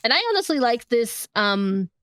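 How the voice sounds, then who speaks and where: A woman's voice: a little high, sing-song, moderate pace, a bit bright. A woman co-hosting a podcast, explaining in an easygoing, fond way. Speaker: podcast co-host. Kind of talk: casual chat.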